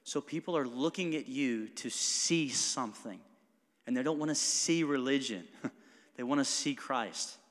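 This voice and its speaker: A pastor delivering a sermon in a casual, animated manner, often breaking into quick laughs between points. His voice sits at an ordinary middle pitch for a man. It carries a long hall reverb from the church sanctuary. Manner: conversational, animated, laughing asides.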